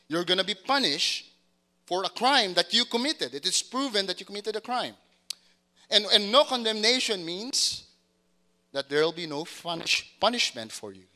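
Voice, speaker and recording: A man gives a sermon to his congregation in a bright, ringing, somewhat high voice. He repeats his words, stops and starts again, and keeps asking whether the listeners follow him. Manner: repeats words and restarts, asks congregation to confirm. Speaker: pastor.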